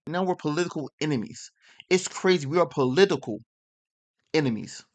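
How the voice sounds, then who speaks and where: A man's voice: fairly high pitch, animated, brisk, a little mellow. A man delivering a rambling political rant to his audience, heated and full of slang and rhetorical questions. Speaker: online commentator.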